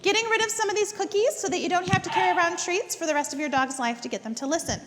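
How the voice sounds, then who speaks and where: A woman dog trainer leads a group class in a very high voice. She repeats words for emphasis and keeps checking in with "okay?". Her voice rings with a long reverb through an indoor training hall, over faint background noise. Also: very fast, a bit bright.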